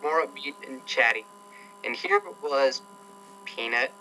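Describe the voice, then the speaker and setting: A man's voice: medium pitch, unhurried, bright, forceful tone, a little hiss or hum, poor audio. A man doing a comedic reading of fan fiction aloud, irreverent and swearing, often breaking off to laugh.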